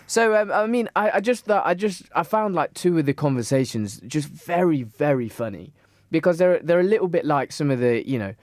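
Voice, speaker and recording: A man's voice: a little high, animated, fairly quick, darkish tone, dry recording, studio quality. A young man co-hosting a podcast, telling a long story in casual chat, full of fillers and restarts. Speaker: podcast co-host.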